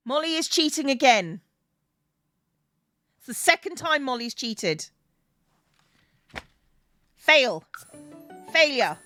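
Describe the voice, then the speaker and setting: A woman's voice: high-pitched, very animated, takes it slowly, long pauses, pushed and bright, dry recording, clean studio sound. A woman streaming a game, casually chatting and scolding the characters on screen. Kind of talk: casual gameplay chat.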